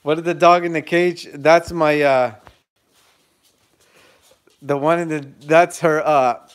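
A man's voice: fairly high pitch, fairly even intonation, slow. A man chatting casually on a live stream from his phone, calling to his dogs and laughing with viewers.

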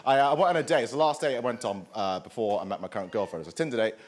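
A man in his twenties performing a live stand-up set, with a dry, self-deprecating delivery full of "uh" pauses. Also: medium pitch. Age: 20s. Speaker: stand-up comedian. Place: comedy club stage with live audience. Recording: live club recording, audible noise. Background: audience laughter.

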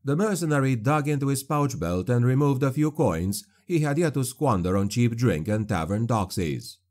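A man reading a dark fantasy audiobook in a grave, measured narration. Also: mid-range voice, lively intonation.

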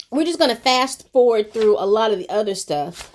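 With a voice on the high side and a moderate pace, a woman who reviews TV shows recaps an episode directly for her viewers. She keeps it casual and expressive, storytelling in a colloquial style thick with fillers.

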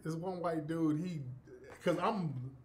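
A man with a notably high speaking voice hosts a radio talk show, casually telling a story. He swears freely, laughs through it and acts out what people said. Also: fairly even intonation, takes it slowly, darkish tone. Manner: profane, laughing, acts out quotes.

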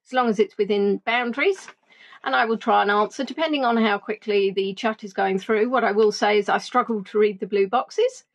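A woman chatting casually as a livestream tour guide, greeting viewers by name and joking about herself. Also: on the high side. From England. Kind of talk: casual live chat with viewers.

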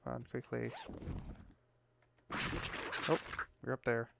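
Gameplay streamer, young man, gravelly, mid-pitched, swears freely when annoyed. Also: monotone, takes it slowly, heavy background noise. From United States. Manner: frustrated ranting, heavy swearing. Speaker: gameplay commentator. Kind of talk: casual gameplay commentary.

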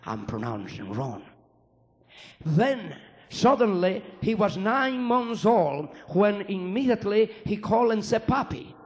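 A man with a fairly high voice gives a spoken testimony to an audience. He talks in halting English, learned as an adult, and circles back to repeat his phrases with earnest weight. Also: sing-song. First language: Spanish. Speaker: former priest giving testimony.

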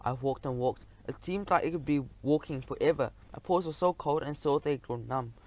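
A man narrating a children's storybook audiobook in a lively, expressive way. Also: on the high side, moderate pace, a little hiss or hum.

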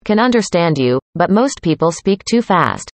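Lady reading lines for conversation practice, lowish voice, dry close sound. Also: very animated, normal speed, no room sound. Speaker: dialogue reader.

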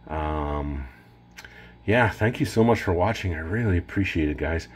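A man's voice: low voice, animated, normal speed, husky. A Canadian man casually showing off cigars in a vlog, enthusiastic and rambling with fillers. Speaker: cigar reviewer.

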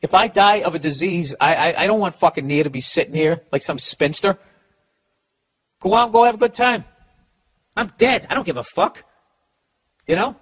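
A man's voice: sits high, lively intonation, normal speed, long pauses, fairly bright tone, breathy edge. A middle-aged man with a Boston accent hosting a podcast, giving comedic advice in a profane, ranting way with stammering restarts. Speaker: podcast host.

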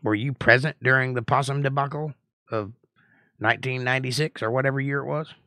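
Blunt, bright-voiced middle-aged male teacher. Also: mid-range voice, fairly even intonation, fairly quick, dry recording. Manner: blunt, assertive, lecturing. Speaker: Bible study teacher and host. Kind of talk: live-stream Bible study, reading out viewer comments.

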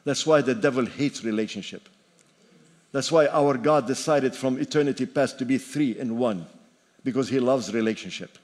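An older male pastor preaches in an emphatic, repeating style, and his voice rings with the long reverb of a church hall. He drops in playful asides and sits at an ordinary pitch for a man. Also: moderate pace, a little mellow. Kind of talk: sermon. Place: church sanctuary.

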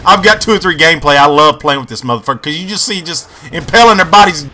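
A young man giving crude, excitable gameplay commentary, swinging between yelling and muttering. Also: fairly high pitch, quick pace.

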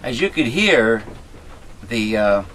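A man's voice: mid-range voice, very animated, slow pace, a bit bright, a little hiss or hum. A man hosting a casual talk show, chatty and hesitant, often repeating and restarting his words. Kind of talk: casual chat.

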